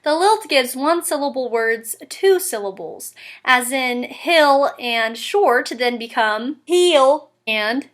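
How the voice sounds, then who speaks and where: A woman's voice: sits high, fairly bright tone. A woman hosting a scripted, tongue-in-cheek tutorial in a playful, upbeat way. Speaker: tutorial host.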